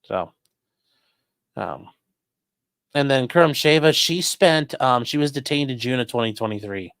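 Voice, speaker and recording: A man's voice: medium pitch, lively intonation, a little slow, fairly bright tone, smooth, no echo. A man hosting a casual livestream, reading chat comments and commenting bluntly with swearing and lots of fillers. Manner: blunt, profane, rambling with many fillers.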